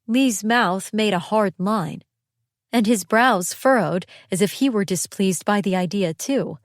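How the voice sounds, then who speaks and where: A woman reading a first-person audiobook narration in a steady, tense storytelling manner. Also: medium pitch, a little slow, no room sound, studio quality.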